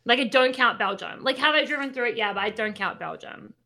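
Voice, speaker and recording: Woman, twenties, bright tone, animated casual storyteller. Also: fairly high pitch, a little fast. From Australia. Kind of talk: casual chat.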